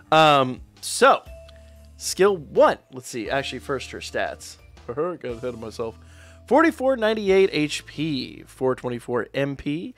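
A man's voice: on the high side, very animated, a little slow, a bit bright, faint music behind. A man casually reviewing mobile game units, reading out stats and correcting himself as he goes. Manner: chatty, self-correcting, reads stats aloud. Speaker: gaming YouTuber.

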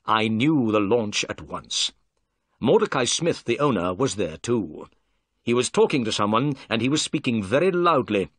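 A man voicing a confident, clever male detective who speaks in a brisk, assured way in a storybook reading. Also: lowish voice, no room sound.

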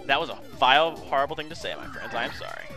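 A man's voice: medium pitch, fast, over music. A man giving chatty video game commentary, often calling viewers his friends and apologizing for what he says. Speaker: let's play host.

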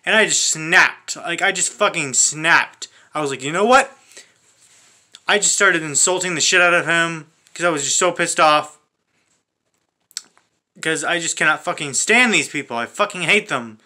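A man's voice: on the high side, moderate pace, bright, forceful tone. A man hosting a comedic video, ranting crudely with constant swearing and frequent restarts. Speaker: comedy channel host. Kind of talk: profane comedic rant.

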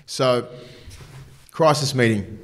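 A man's voice: medium pitch, takes it slowly, fairly bright tone. A man in his forties co-hosting a sports podcast, speaking bluntly and emphatically with plenty of swearing. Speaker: podcast co-host, former rugby league player. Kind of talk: casual sports podcast chat.

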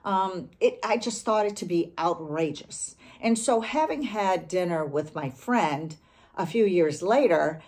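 A middle-aged woman from the Chicago area hosting a podcast, telling a story in a casual monologue with animated, indignant outbursts. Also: fairly low pitch, unhurried. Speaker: podcast host.

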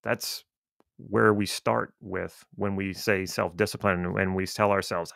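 Male coach, conversational explainer, gravelly low voice, dry close sound. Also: fairly even intonation, measured pace, a bit bright, dry recording. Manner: conversational, reflective, with frequent restarts. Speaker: coach and teacher. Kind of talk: explanatory talk to viewers.

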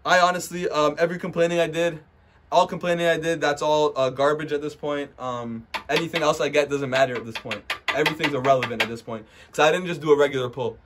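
A young man vlogging as he opens trading card packs indoors at a friend's house, casual and foul-mouthed, trash-talking and bursting into loud hype. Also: a little high, fast, a little hiss or hum. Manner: profane, brash trash-talk; excitable, swings into loud hype. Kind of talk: casual unboxing commentary.

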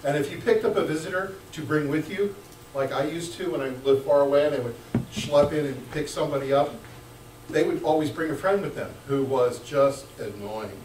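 A man preaching a sermon as pastor, lively and joking, swinging between hushed asides and loud bursts. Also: a little high, moderate pace, slight background noise. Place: church sanctuary. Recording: echoey church room, mic at a distance.

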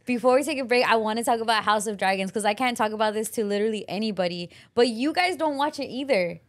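A woman's voice: fairly high pitch, quick pace. Woman podcast co-host, casual chatter, easy laughs, loose swearing. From Los Angeles. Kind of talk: casual chat.

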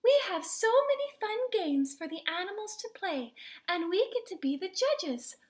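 Lulu, a woman voicing an excited little storybook girl. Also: slow, exaggerated voice. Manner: excited, high and bouncy.

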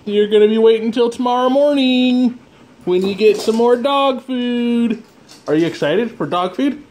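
A man's voice: extremely high pitch, measured pace, darkish tone, a little hiss or hum. A man vlogging at home who talks to his dog in a teasing, playful, coaxing way. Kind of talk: casual talk to a pet. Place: home room with dogs around.

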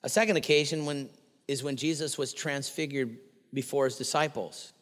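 A man preaching a sermon as pastor, animated and acting out quotes with playful voices. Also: medium pitch, moderate pace. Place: church sanctuary. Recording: long hall reverb.

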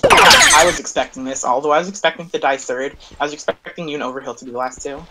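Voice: mid-range voice, quick pace, background noise. A gamer chatting casually at home during a game session, teasing a friend and laughing often. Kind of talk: casual gaming chat.

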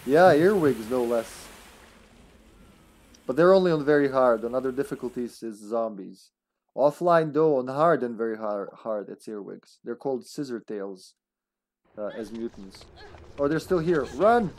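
Excitable man commentating live gameplay. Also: mid-range voice, a little slow. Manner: excitable, playful, bursts into shouts. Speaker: game streamer.

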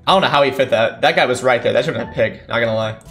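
A young man giving casual live commentary on a football game he is playing, thinking aloud and breaking into excited shouts. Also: mid-range voice, very fast, faint music behind. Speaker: gaming streamer. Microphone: desk mic without a condenser.

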